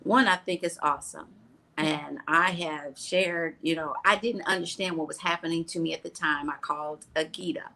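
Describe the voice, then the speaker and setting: A woman's voice: low-pitched, steady tone, moderate pace, vocal fry, sharp tone. A woman co-hosting a talk show, telling a personal story in an earnest, emotional way. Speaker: co-host. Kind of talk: casual talk show chat.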